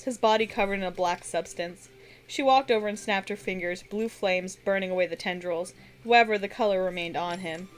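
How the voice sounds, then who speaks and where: A woman streamer reading her own fantasy story aloud in steady narration, with occasional slips she corrects. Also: medium pitch.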